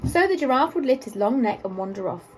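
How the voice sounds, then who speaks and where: A woman reading a children's story aloud in an expressive, sing-song way. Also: a little high, quick pace, a little hiss or hum, low-quality recording.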